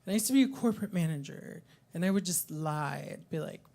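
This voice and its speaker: Woman doing stand-up at a coffee shop open mic, kinda low voice, lots of ums. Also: lively intonation, quick pace, creaky, mellow. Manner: hesitant, filler-heavy storytelling. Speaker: stand-up comedian.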